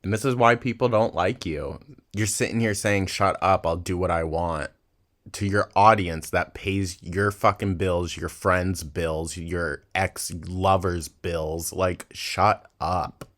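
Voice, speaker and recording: Slow, deep-voiced sarcastic man. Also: steady tone, fairly bright tone. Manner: sarcastic, mocking, heavy swearing. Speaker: reaction channel host. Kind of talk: casual reaction commentary.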